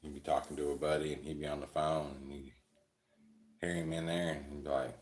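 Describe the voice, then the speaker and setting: A man's voice: a bass voice, little pitch movement, fairly quick, echoey room. A man hosting a live stream, telling rambling, crude, joking stories and chuckling often. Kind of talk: casual storytelling chat.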